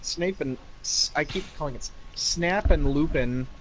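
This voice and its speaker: A man streaming late at night, reading fan fiction aloud slowly in a deadpan, mock-dramatic way and stumbling over names. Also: a little high, background noise.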